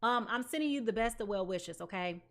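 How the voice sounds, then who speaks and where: A woman giving a live tarot reading, chatty and slangy, talking straight to her viewers and swinging between loud and soft. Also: a little high, animated, brisk. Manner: chatty and slangy, addresses viewers as y'all and child. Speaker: tarot reader.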